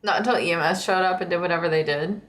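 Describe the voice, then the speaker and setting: A woman's voice: lowish voice, rapid-fire, a bit bright. A woman streamer in casual livestream chat, teasing and laughing often. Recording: echoey room.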